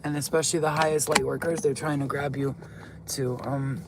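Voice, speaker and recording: A woman vlogger who tells a dream in a rambling, excitable way from a parked car. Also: rumbling low, a little fast, heavy background noise. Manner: rambling, excitable, swears when flustered. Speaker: spiritual vlogger. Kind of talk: casual storytelling, recounting a dream. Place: car, pulled over.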